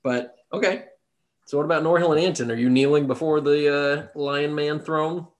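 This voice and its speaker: A man's voice: on the high side, fairly even intonation, normal speed. A man narrating a tabletop game as game master, casual and swearing freely. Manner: casual, swearing, laughs easily.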